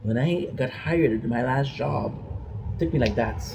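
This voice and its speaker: A man's voice: medium pitch, normal speed, vocal fry, noisy background. A man vlogging an emotional personal rant, rambling and frustrated, often restarting his sentences.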